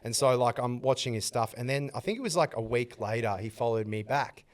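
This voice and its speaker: Man, podcast guest, animated storyteller, mid-pitched voice. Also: a little fast. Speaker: guest impressionist. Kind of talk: casual podcast chat.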